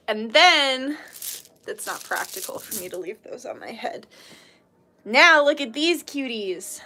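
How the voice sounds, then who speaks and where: A woman's voice: fairly high pitch, pushed and bright. A British woman hosting a casual livestream, chatting in a bubbly, giggly, gushing way. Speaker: livestream host showing handmade jewelry.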